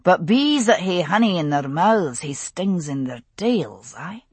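A woman voicing a drowsy, wry Scottish man who gently teases his wife in bed. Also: on the low side, big pitch swings, measured pace, husky, no room sound, heavily acted. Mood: wry, thoughtful.

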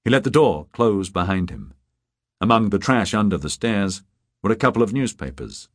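A man reads a crime audiobook in a measured, steady way. His voice is low and unhurried. The recording is dry and close, with no room sound. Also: no room sound. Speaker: audiobook narrator. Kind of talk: scripted narration.

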